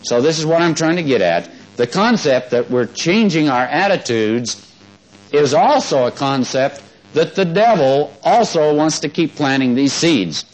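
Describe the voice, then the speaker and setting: A man's voice: on the high side, lively intonation, a little slow, faint music behind, low-quality recording. Folksy preacher man teaching a congregation. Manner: folksy, asks the congregation questions. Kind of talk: sermon with congregation call-and-response.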